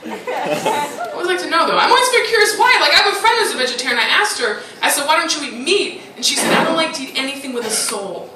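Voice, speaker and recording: A woman performing a stand-up comedy set on a club stage, animated and teasing. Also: high-pitched, fast talker, a loud crowd. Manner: animated, teasing, playful put-on voices. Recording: roomy live club recording from a distance, loud noise.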